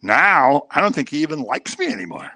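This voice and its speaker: Man, middle-aged, Bible study teacher, chatty, repeats himself for emphasis, bright voice, dry close sound. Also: sing-song, fairly quick, dry recording. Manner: conversational, repeats phrases for emphasis; acts out quoted voices in a low mocking tone.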